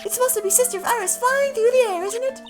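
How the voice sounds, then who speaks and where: A man reading a cheerful little girl's lines in a high, sweet, excitable voice. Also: fast talker, music in the background. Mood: admiring. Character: cheerful little girl spirit medium.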